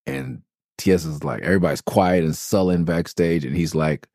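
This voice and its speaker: A man's voice: low voice, normal speed, gravelly, a little mellow, dry recording, studio quality. A man from Los Angeles hosting a podcast, telling rambling, profane stories about his early music days and correcting himself often. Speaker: podcast host. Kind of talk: casual storytelling about his music past.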